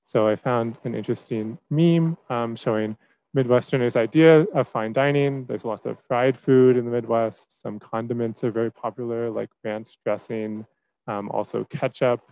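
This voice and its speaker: A young man presenting to a class as a teaching fellow, relaxed, with many fillers and restarts. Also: mid-range voice, normal speed, poor audio.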